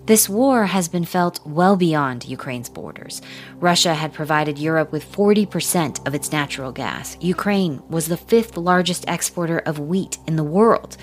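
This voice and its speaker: A woman news host reading scripted narration in a steady, composed way. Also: deep voice, normal speed.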